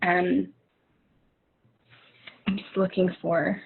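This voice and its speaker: A woman's voice: lowish voice, fairly even intonation, moderate pace, creaky, a little hiss or hum. A young woman giving an informal motivational talk over a video call, rambling, with many fillers and restarts. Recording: narrow phone-like video call audio.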